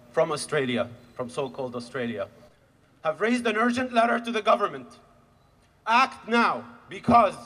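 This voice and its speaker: A man from Gaza giving an impassioned protest speech at an outdoor rally, swinging from hushed grief to shouting. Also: on the high side, big-room sound. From Gaza, Palestine. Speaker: rally speaker.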